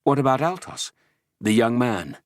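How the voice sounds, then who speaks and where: A man's voice: medium pitch, animated, normal speed, dry recording, clean studio sound, voice pushed up, lightly acted. A man voicing a brave young woman who questions a threatening man tensely and defiantly.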